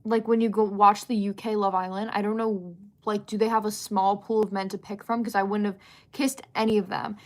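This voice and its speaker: A woman's voice: medium pitch, flat delivery, a little fast. A young woman hosting a livestream, chatting casually and reading out viewer comments, with lots of fillers and giggly asides. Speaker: livestream host.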